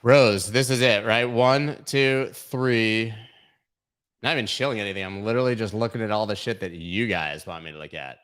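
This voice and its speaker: A man's voice: lowish voice, normal speed, fairly bright tone, clear, resonant tone. A man hosting a crypto livestream, going over charts in casual, irreverent commentary full of swearing and mockery. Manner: irreverent, profane, mocking.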